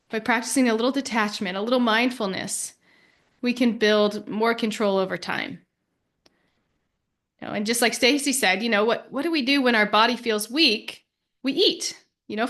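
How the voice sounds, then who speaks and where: A woman hosting a podcast, giving an earnest, gentle spiritual talk and repeating words as she thinks. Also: on the high side. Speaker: podcast host.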